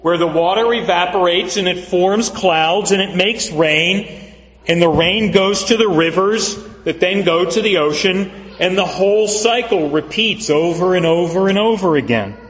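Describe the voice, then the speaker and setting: A man preaching a sermon as pastor, earnest and measured, repeating phrases for emphasis. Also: sits high, a bit bright, a little hiss or hum. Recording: dull lo-fi recording with long hall reverb.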